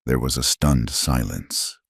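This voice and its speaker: A male narrator with a very deep voice reads a western story dramatically, his pitch rising and falling in wide, animated swings. The recording is dry and close, with no room sound at all. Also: takes it slowly, vocal fry, slightly rough, dry recording. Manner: dramatic, expressive reading.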